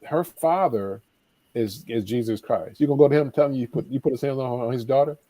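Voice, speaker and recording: A man's voice: medium pitch, fast talker, mellow, no room sound. A man, a life coach, telling stories with emphatic repetition and acted-out dialogue in a preacherly manner. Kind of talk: animated storytelling advice.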